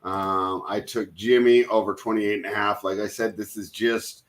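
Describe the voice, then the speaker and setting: A man's voice: fairly low pitch, level tone, moderate pace, low-quality recording. A man hosting a casual sports betting chat, joking and calling himself a hater. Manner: joking, self-described hater. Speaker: host.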